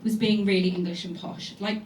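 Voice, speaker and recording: A woman's voice: medium pitch, fairly even intonation, a little fast, a little mellow, roomy sound, recorded from a distance, slight background noise. A woman comedian doing a punchy, conversational stand-up set, recorded live from the stage of a comedy club. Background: laughing audience.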